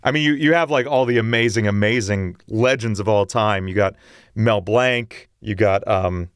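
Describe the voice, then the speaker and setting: A man's voice: lowish voice, normal speed, clear, resonant tone, no room sound, clean studio sound. A man chatting casually with viewers on a livestream, talking eagerly about singing and voice technique. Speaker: streamer and singer.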